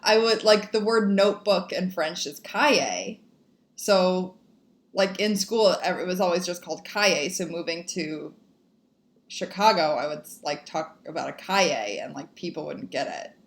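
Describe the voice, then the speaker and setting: A woman co-hosting a podcast, chatting in a playful way and teasing her co-host right back. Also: lowish voice. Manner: playful, quick to tease back. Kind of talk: casual podcast banter.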